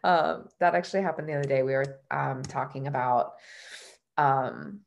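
A woman's voice: a bass voice, moderate pace, gravelly, dull audio. A woman hosting a podcast in a casual, chatty way, full of fillers and self-deprecating laughs. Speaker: podcast host.

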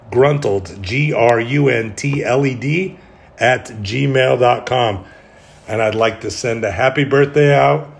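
A man's voice: mid-range voice, vocal fry. Candid, rambling male podcast host. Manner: candid, rambling, self-deprecating humor. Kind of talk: solo podcast monologue.

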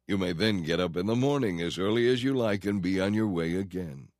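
A man's voice: low-pitched, brisk, darkish tone, no echo, clean studio sound, close to an everyday voice. A man reading as anxious, begging Lot. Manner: begging, urgent.

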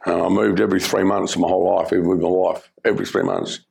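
Gravelly, low-voiced Australian man. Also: little pitch movement, a little mellow. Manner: earnest, halting storytelling with many fillers. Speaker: former criminal telling his life story. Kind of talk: personal testimony.

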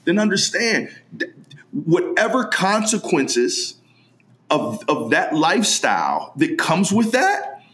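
A man co-hosting a podcast, talking in an emphatic, animated way and acting out quoted dialogue as he tells stories. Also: high-pitched, takes it slowly. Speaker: podcast co-host. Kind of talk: casual podcast chat.

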